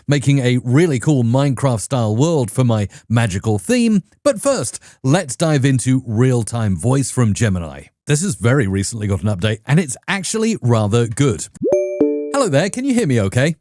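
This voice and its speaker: Upbeat tech-video man, lively pitch. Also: moderate pace, no echo, studio quality, soft background music. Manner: upbeat, conversational. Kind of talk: enthusiastic tech review narration.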